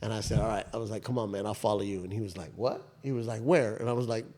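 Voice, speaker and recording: Rambling, animated male podcast host. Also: fairly low pitch, quick pace. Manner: rambling, animated retelling with many "I was like" asides; frequent restarts and profanity. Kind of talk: casual storytelling chat.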